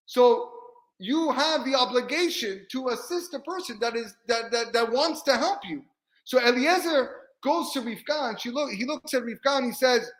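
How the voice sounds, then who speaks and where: Man, rabbi, high voice, animated Torah class, acts out dialogue, echoey room. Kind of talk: Torah lesson.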